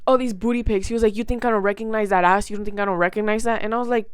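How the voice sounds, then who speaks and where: A young woman vlogger telling a rambling, animated story in casual chat, full of fillers and quoted back-and-forth. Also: medium pitch, very fast, clear, resonant tone, no echo, clean studio sound.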